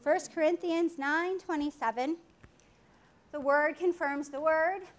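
A woman preaching a sermon in an animated way, acting out voices and laughing often. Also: sits high, a little slow.

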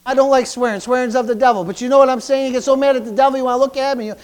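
A man's voice: very high-pitched, fairly even intonation, very fast, clean tone. A man preaching a fervent sermon in church, repeating himself and punctuating lines with hallelujah and praise the Lord. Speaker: pastor.

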